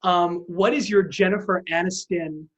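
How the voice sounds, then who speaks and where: High-voiced young-sounding podcast host. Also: male voice, steady tone, a bit bright, highs cut off. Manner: halting, repeats words while framing questions. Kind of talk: casual interview questions.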